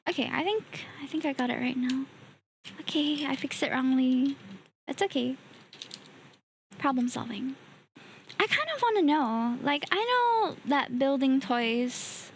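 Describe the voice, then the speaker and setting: A woman streamer chatting casually and easily while building a kit at her home desk, often laughing softly. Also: high-pitched, expressive, a little slow, long pauses, a little hiss or hum.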